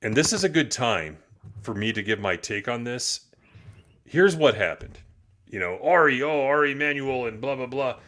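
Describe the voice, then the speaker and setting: A man's voice: mid-range voice, expressive, normal speed, sharp tone. A man hosting a loose, opinionated live-stream chat, swearing casually. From United States. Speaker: podcast host.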